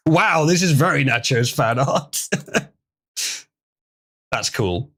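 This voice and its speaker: Animated male livestream host. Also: medium pitch, slow. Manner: rambling, chuckling, reading out donations. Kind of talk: casual livestream chat.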